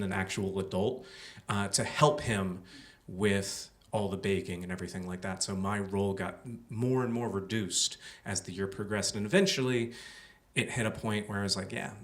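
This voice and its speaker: A man's voice: on the low side, a bit bright. A young man telling a personal story on a small theater stage, conversational and full of "like" and "uh". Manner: conversational, filler-heavy with many "like" and "uh". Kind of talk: live storytelling.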